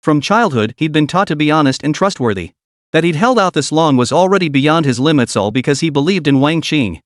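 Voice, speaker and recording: A man's voice: on the high side, expressive, brisk, dry recording, clean studio sound. A man narrating a scripted story in a dramatic recap reading.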